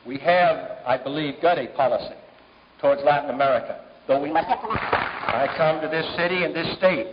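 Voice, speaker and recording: Middle-aged man, formal fundraiser speech, measured delivery with frequent "uh" pauses, fairly high-pitched, dull old archive recording in a reverberant banquet hall. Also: slight background noise. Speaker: speaker at a political fundraiser.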